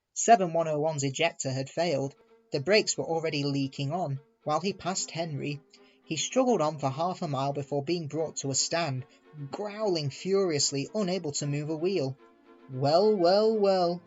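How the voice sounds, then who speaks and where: A man reading a children's storybook aloud, measured and clear. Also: fairly high pitch, highs cut off.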